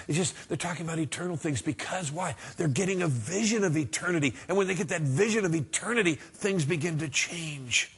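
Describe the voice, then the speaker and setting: A middle-aged man preaching a sermon as a pastor, earnest and conversational, swinging between emphatic lines and hushed ones. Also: a little high, fairly quick, hardly any pauses, slightly rough.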